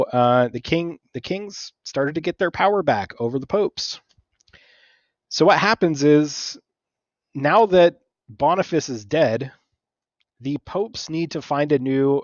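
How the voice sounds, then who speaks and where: A man gives a relaxed history lecture, chatting his way through the story and slipping into quick voices for the people in it. His audio is dull and slightly lo-fi, in a dry space with no room echo. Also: mid-range voice. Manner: conversational, acts out figures in quick asides, many "right?" checks. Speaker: teacher.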